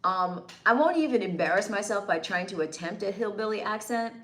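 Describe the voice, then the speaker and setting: A woman's voice: mid-range voice, lively intonation, fairly quick, fairly bright tone, reverberant. A woman from the northeastern United States hosting a livestream, chatting with viewers and teasing them playfully. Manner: playful, teasing, laughs often. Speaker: livestream host. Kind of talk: casual livestream chat reading comments.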